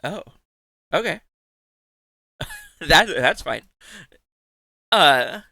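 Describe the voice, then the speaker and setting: A man's voice: on the high side, animated, extremely slow, vocal fry, sharp tone, no room sound. A young man streaming live, chatting casually with his viewers, teasing them, swearing freely and laughing often.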